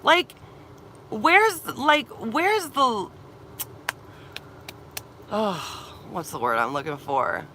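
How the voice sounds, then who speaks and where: A young woman rants into her camera, upset and close to tears, swearing and circling back to the same complaints. Her voice is bright and edgy, with a faint outdoor hum behind her. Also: fairly high pitch, huge pitch swings, very slow, pauses often. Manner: upset, ranting, swearing, repeating herself. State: tearful and agitated. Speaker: vlogger. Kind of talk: emotional venting vlog. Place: camper van or campsite.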